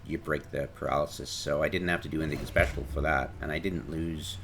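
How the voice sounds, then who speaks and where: A man's voice: rumbling low, fairly even intonation, a little fast, gravelly, fairly bright tone, a little hiss or hum. A man giving casual commentary over his game footage, explaining his moves in a rambling way with frequent restarts. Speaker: gameplay commentator.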